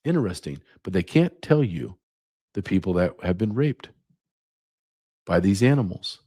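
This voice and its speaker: Deep voiced host guy, blunt and earnest, gets preachy. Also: animated, normal speed, breathy edge, no room sound, clean studio sound. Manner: plainspoken, earnest, swelling into forceful preaching. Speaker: podcast host. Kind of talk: opinionated podcast commentary.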